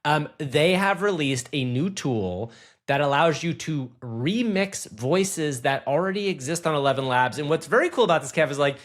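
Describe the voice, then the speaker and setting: A man co-hosting a tech podcast in an enthusiastic, conversational way. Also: a little high. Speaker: podcast co-host. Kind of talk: casual tech podcast chat.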